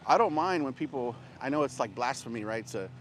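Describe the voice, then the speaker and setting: A man's voice: medium pitch, expressive, a little fast, a little hiss or hum. A man chatting on a livestream while walking outdoors, out of breath and panting between sentences. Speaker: barbecue vendor livestreaming. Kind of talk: casual livestream chat. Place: outdoors on a walk.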